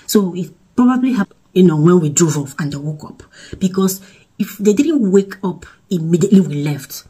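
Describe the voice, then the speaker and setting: A Nigerian woman vlogger retelling a story in an emotional, animated way, with restarts and pidgin phrases. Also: lowish voice, normal speed, breathy edge, low-quality recording. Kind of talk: storytime vlog.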